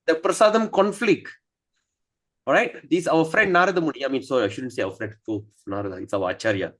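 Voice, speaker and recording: A man teaching a scripture study class, telling stories in a playful, animated way. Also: medium pitch, fast.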